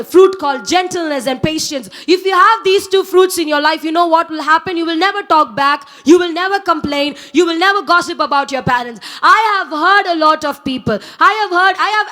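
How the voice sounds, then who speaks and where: A woman's voice: extremely high pitch, bright, forceful tone. A young woman preaching in church, earnest and exhorting, repeating key lines for emphasis. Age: young adult. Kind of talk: sermon.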